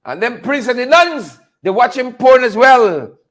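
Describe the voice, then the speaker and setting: A man with a Guyanese accent and a very high, bright, very animated voice hosts a political commentary show, talking a little slowly. His live commentary is casual: he repeats himself, chuckles and calls out viewers by name as he reads them.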